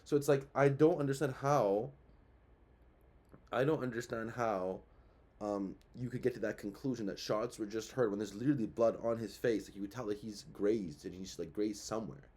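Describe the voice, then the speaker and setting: Husky-voiced young man rambling commentary. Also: on the low side, normal speed, a little mellow. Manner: rambling, filler-heavy, rhetorical questions. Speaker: show host. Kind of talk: casual commentary.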